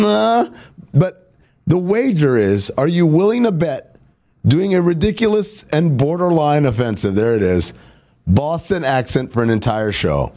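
A man's voice: fairly high pitch, big pitch swings, unhurried, warm tone. A man hosting a sports talk show, laying out playful bets and teasing his co-host. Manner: playful, teasing, laughs often. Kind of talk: casual sports talk banter.

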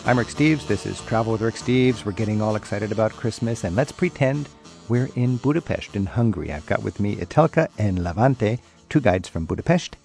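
A man's voice: on the low side, lively intonation, fairly quick, creaky, music in the background. A man hosting a radio show who asks his guests many curious questions. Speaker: radio host. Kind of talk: radio interview.

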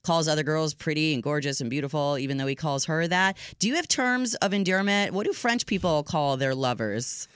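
A woman co-hosting a radio talk show, chatty and playful, quick to laugh. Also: sits low, lively intonation, clear, resonant tone, dry recording, clean studio sound. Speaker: co-host. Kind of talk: casual radio chat.

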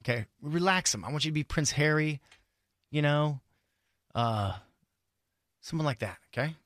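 A man's voice: on the high side, expressive, moderate pace, a bit bright, no echo, clean studio sound. A man co-hosting a morning radio show, playful and coaxing as he teases his partner. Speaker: radio co-host. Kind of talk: casual morning radio banter.

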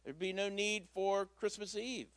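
High-voiced man telling a sermon story. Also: steady tone, measured pace, a bit bright, no echo. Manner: conversational storytelling, folksy asides. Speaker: pastor. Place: church.

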